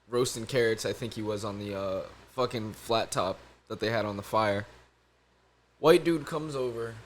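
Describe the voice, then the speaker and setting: A young man co-hosting a podcast, telling a story in casual chat, profane and laughing often. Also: mid-range voice. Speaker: podcast co-host.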